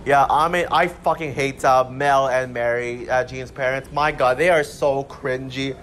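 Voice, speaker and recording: A man's voice: medium pitch, steady tone, measured pace, fairly bright tone, slight background noise. A man giving an exasperated, rambling movie rant, swearing often. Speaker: movie reviewer. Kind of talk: casual rant.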